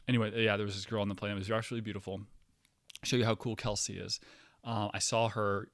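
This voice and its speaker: A man hosting a comedy podcast, telling a meandering, profane story that drops to mumbles and jumps to loud outbursts. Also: fairly low pitch, flat delivery, brisk, no echo, clean studio sound. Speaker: podcast host.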